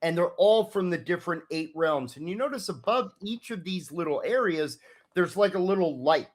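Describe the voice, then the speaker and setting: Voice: medium pitch, lively intonation, normal speed. A game master narrating a tabletop role-playing scene in a loose, rambling way with many fillers.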